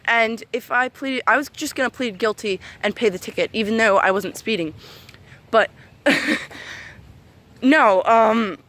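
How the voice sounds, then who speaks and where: Young woman ranting angrily, high voice. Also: slow, long pauses, a bit bright. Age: 20s. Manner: angry, profane, venting. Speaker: vlogger. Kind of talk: casual ranting vlog. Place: walking outdoors among trees and ferns.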